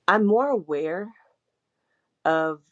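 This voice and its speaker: Speaking very slowly and expressively in a fairly low voice, a young woman co-hosts a podcast. She rambles candidly in casual chat, scattering "like" everywhere and swearing bluntly. The recording is dull and lo-fi.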